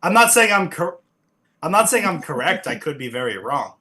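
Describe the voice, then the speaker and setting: A man's voice: fairly high pitch, big pitch swings, moderate pace, sharp tone. A man playing in a tabletop game, casually and pedantically arguing a pronunciation while hedging his claims. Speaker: player. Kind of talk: casual chat on a stream.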